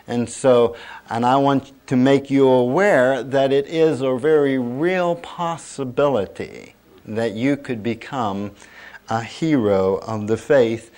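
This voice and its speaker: A man's voice: medium pitch, darkish tone. A middle-aged man preaching a sermon, reading scripture and leading the congregation in call-and-response. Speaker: pastor.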